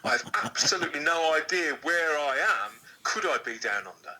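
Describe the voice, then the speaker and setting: A man's voice: a little high, animated, fairly quick, sharp tone, low-quality recording. A man, a podcast guest, chatting in a playful, theatrical way as he jokes about being a lost time traveller. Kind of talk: playful comedic chat.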